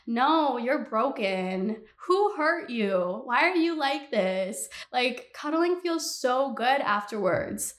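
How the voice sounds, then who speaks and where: A young woman hosting a solo podcast, ranting bluntly and with animated exasperation. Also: high voice, unhurried, hardly any pauses, echoey room. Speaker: podcast host.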